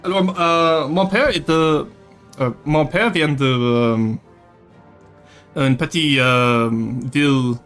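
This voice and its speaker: A man's voice: a little high, slow, fairly bright tone, clean tone, faint music behind. A young man from Ontario, chatting casually on a live stream, reading chat and switching between English and French with frequent laughs. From Ontario, Canada.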